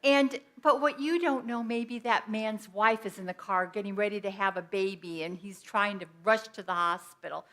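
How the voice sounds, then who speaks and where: A woman's voice: mid-range voice, normal speed, few pauses, fairly bright tone. A woman giving an inspirational sermon at a Sunday church service, speaking conversationally and telling personal stories. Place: church sanctuary.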